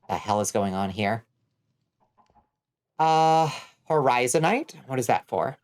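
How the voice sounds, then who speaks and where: A woman's voice: rumbling low, expressive, unhurried, pauses often. Woman, from the US, streamer, casual gaming commentary, thinking aloud, cursing often. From United States. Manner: thinks aloud, swears freely, bemused. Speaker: vtuber streamer.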